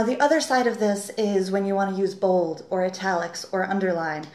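A woman's voice: medium pitch, a little mellow. A woman editor giving writing advice in an earnest, emphatic, teacherly way, often asking rhetorical questions. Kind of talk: talking-head writing tip video. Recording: echoey room.

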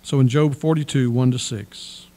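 A man's voice: mid-range voice, steady tone, moderate pace, dark tone. A male pastor preaching a sermon in a church, reading scripture aloud and then explaining it in plain words. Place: church sanctuary.

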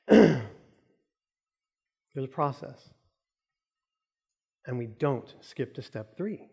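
A man's voice: medium pitch, very animated, drawn-out words, vocal fry, mellow, breathy edge. A man preaching a sermon in a church, telling a joking story with lots of energy. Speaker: pastor. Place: church auditorium.

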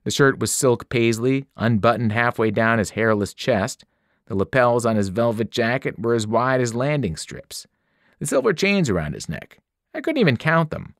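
A man narrating a novel aloud with expressive storytelling, his pitch rising and falling widely. The sound is dry and close, with no room around it. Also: moderate pace, dry recording. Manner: expressive first-person narration with character voices. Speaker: teacher reading aloud. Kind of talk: audiobook narration.

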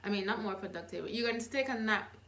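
A woman's voice: mid-range voice, fast, a bit bright. Earnest young woman vlogger, faint hum. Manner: earnest and encouraging, with frequent restarts. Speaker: YouTube vlogger. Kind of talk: casual motivational vlog.

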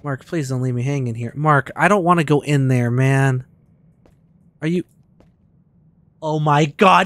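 A young man streaming a game, giving loud and excitable commentary with lots of swearing and trash talk. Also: fairly high pitch, unhurried, pauses often, dry recording. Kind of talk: casual gameplay commentary.

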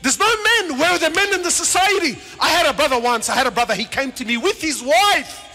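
High-pitched man preaching with fire. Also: animated, fairly quick. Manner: swings between shouted appeals and low asides; acts out dialogue in storytelling. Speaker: Islamic preacher. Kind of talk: passionate religious lecture. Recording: reverberant hall.

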